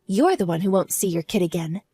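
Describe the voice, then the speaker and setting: A woman voicing a wronged wife in an audio drama, smug and sarcastic as she calmly mocks. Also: on the low side, a little fast, husky. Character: cool, mocking wronged wife, adult woman.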